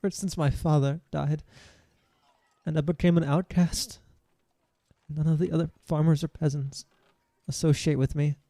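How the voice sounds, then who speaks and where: A man's voice: a little high, fairly even intonation, moderate pace, pauses often, mellow, no room sound, studio quality, lightly acted. A man voicing a timid outcast male farmer in his thirties, who talks hesitantly and stammers. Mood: nervous.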